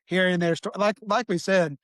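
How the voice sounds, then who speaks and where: A man's voice: high-pitched, fairly even intonation, moderate pace, fairly bright tone, no echo. A man as a podcast guest, talking in an easygoing, rambling way with fillers. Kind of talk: casual interview chat.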